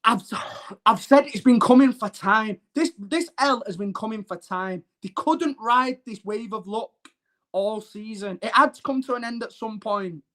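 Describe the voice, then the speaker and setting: A man's voice: high-pitched, unhurried, fairly bright tone. A man hosts a live-streamed football show. He talks to his chat in a brash, mocking and emphatic way. His delivery is blunt and combative.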